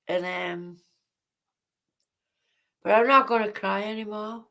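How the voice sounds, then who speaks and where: A woman hosting a casual livestream chat, speaking haltingly and repeating herself. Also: medium pitch, fairly even intonation, gravelly, sharp tone. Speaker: livestream host.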